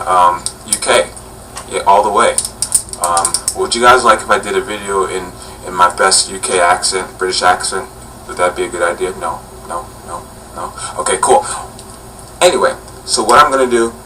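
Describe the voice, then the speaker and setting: A man's voice: on the low side, pushed and bright. A man in his twenties hosting a casual vlog, chatty and rambling with many fillers. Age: 20s. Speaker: vlogger host. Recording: distant camera mic with faint hum.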